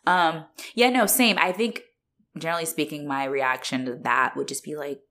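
A woman's voice: low-pitched, normal speed. A young woman casually recapping a movie on a podcast, swearing freely and laughing often. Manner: profane, animated, laughs often. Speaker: podcast co-host.

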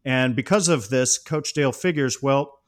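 A man on a podcast casually discussing a film, recounting scenes in an animated way and often laughing as he talks. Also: medium pitch, normal speed. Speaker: podcast co-host.

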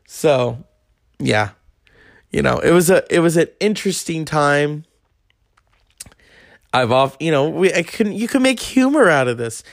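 A man's voice: fairly high pitch, very animated, measured pace, gravelly, long pauses, no room sound, clean studio sound. A man in his thirties telling a rambling, crude story in a casual monologue. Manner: crude, rambling, acts out quoted voices. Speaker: podcast host.

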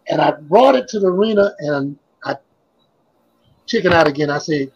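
Older man with a husky voice. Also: fairly high pitch, normal speed, lo-fi sound. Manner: rambling, repetitive storytelling. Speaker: guest, former basketball player. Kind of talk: casual interview reminiscing.

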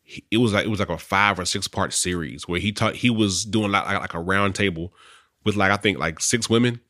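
A man chatting casually on a podcast, his voice bright and forceful. He tells long stories and acts out what people said, recorded dry and close. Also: deep voice, brisk, no echo. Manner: storytelling, acts out quotes. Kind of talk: casual chat.

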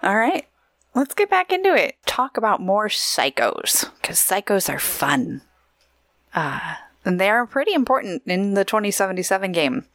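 A woman's voice: mid-range voice, very animated, normal speed, a bit bright, dry recording, faint music behind. A woman from Oregon co-hosting a podcast in casual, chatty talk, laughing often. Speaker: podcast co-host.

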